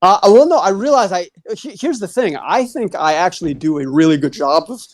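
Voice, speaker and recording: A man's voice: high-pitched, expressive, fairly quick. A man in a heated online debate, combative and cursing, talking over the others. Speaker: debate guest.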